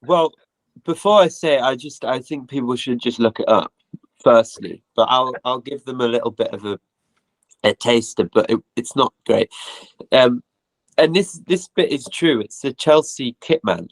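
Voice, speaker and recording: A man's voice: mid-range voice, moderate pace, no room sound, low-quality recording. A man from Carlisle, a musician guest, chatting casually and telling a story in a self-deprecating way over a video call. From Carlisle, England. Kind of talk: casual chat.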